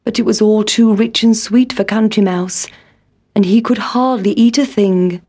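A woman narrating a children's storybook in a calm, measured reading. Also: mid-range voice, breathy edge.

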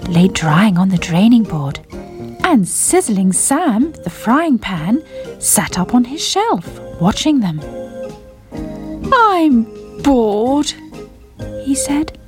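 A woman narrating a children's story, reading gently and expressively. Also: mid-range voice, very animated, slow. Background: children's music.

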